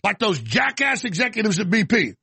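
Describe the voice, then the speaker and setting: A middle-aged man hosting a talk radio show, ranting about politics and swinging between shouting and muttered apologies. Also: sits high, sing-song, a little fast, creaky, slightly rough, dry recording. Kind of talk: heated political radio monologue.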